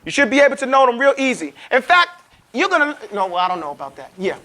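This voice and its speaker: High-voiced man teaching Quran recitation. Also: big pitch swings, pushed and bright. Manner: casual, joking, quizzes students, models words slowly. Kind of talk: classroom teaching of recitation rules. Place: classroom.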